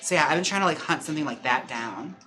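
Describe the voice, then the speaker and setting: A man hosting a livestream in casual chat, talking with lots of fillers and quick laughs. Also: fairly high pitch, animated, bright, forceful tone, faint music behind. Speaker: live-stream host. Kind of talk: casual chat during a wig-styling livestream.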